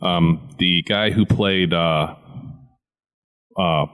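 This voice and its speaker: Deep-voiced man explaining comic news. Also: steady tone, very slow, a bit bright. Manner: agreeable, brief replies, explains things at length. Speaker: comic shop owner, podcast co-host. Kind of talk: casual chat.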